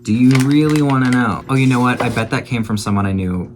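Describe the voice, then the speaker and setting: A man's voice: mid-range voice, quick pace, faint music behind. A man in his twenties chatting casually in a vlog while baking at home, chatty and self-mocking, swearing freely. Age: 20s. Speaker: YouTuber.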